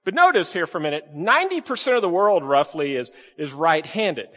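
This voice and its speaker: Lively pastor preaching in a hall. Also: male voice, on the high side, fairly quick. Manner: lively, questioning the congregation, playful asides. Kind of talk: sermon. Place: church sanctuary with congregation.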